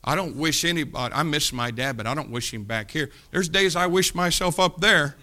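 Bright, forceful man preaching a sermon. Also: a little high, brisk. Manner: animated preaching with sudden loud rises and soft drops; acts out voices in his stories. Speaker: pastor.

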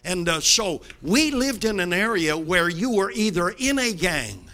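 A man in his seventies from Brooklyn preaching a sermon from the pulpit, dramatic, swinging from loud bursts to low hushed line endings. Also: very animated, a little slow. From Brooklyn, New York. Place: church sanctuary, behind a pulpit.

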